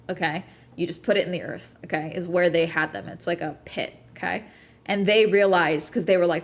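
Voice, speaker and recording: A woman talking casually on a podcast, swearing freely and breaking off to ask "okay?" as she retells a story. Her delivery is animated and quick to jump between details. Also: lowish voice. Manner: animated, profane, frequent "okay?" check-ins. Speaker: podcast host. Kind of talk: casual chat recapping a true-crime documentary.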